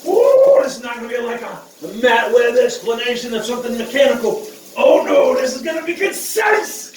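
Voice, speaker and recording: A man's voice: very high-pitched, fairly quick, recorded from a distance, slight background noise. A man, talking casually to camera in a profane, joking vlog, whooping as he goes. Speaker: vlogger. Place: outdoor shower. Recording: echoey, from off the mic, with running water.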